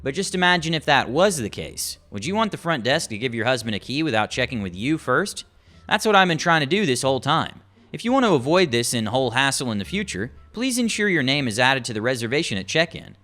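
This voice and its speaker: A man reading the lines of a calm, firm hotel front desk supervisor. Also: mid-range voice, a little fast. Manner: polite, firm, procedural.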